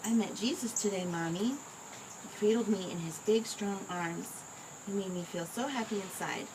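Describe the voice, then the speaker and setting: A woman reading a picture book aloud to her child in a gentle, expressive way. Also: medium pitch, normal speed. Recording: home recording with clear background noise.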